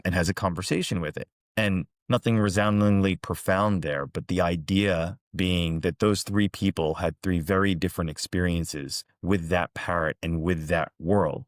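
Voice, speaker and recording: Earnest guy musing on parables, deep voice, no room echo. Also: normal speed, few pauses, studio quality. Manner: calm, earnest, recounting parables. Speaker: host, executive coach. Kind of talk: reflective storytelling monologue.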